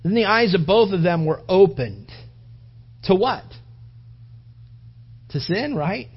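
Animated man preaching a sermon. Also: high voice, slow, husky, lo-fi sound. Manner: animated, acts out quoted voices, drops to a hushed near-whisper. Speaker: pastor.

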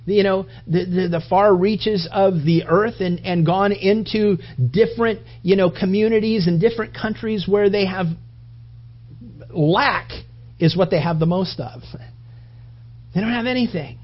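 A man's voice: high voice, measured pace, muffled recording. A man preaching a sermon in a conversational, rambling way, often restarting his sentences.

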